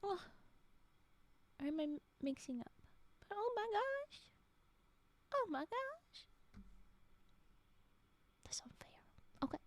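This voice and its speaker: A woman chatting on her live stream between stories, rambling and giggly, often slipping into soft whispers. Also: very high voice, sing-song, slow pace, long pauses. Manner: giggly, gushing. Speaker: streamer and story reader. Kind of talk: casual live-stream chat.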